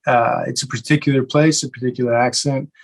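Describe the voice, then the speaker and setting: A young adult man from Eastern Kentucky, answering interview questions in a relaxed way with many fillers and restarts. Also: mid-range voice, fairly quick, creaky, poor audio. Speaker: actor guest.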